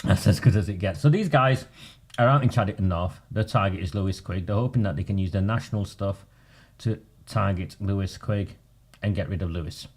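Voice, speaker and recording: A man's voice: deep voice, fairly quick, darkish tone. A man, a local campaigner talking bluntly and combatively in a casual video.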